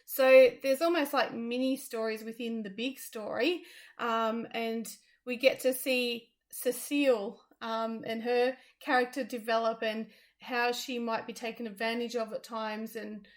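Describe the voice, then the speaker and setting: A woman's voice: on the high side, steady tone, a little slow. A woman, a theatre reviewer, giving her views in a casual chat, thoughtful and hesitant with frequent ums.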